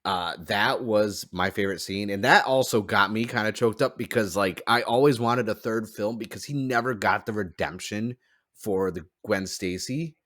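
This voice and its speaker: Low-voiced man rambling on a podcast. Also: moderate pace, fairly bright tone, dry recording, studio quality. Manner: rambling, full of "like" fillers. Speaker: podcast host. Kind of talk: casual chat.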